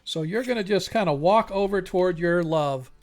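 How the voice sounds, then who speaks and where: A man's voice: high-pitched, normal speed, soft background music. A man running an online tabletop game as game master, casual and hesitant, often laughing.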